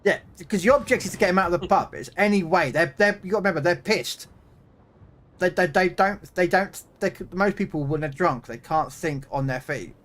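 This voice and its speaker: A man's voice: sits high, brisk, fairly bright tone. A middle-aged British man streaming a game, chatting casually in a rambling way full of fillers and restarts. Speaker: gaming streamer. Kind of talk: casual chat.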